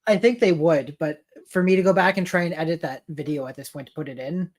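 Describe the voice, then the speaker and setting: A man's voice: fairly high pitch, brisk. A man co-hosting a livestream, chatting casually in a laid-back way with dry quips. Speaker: co-host of a livestream.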